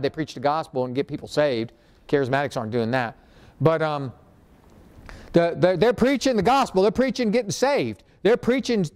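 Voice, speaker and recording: A man's voice: high-pitched, a little mellow. A male pastor preaching a sermon, firing questions at the congregation and making sarcastic asides. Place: church.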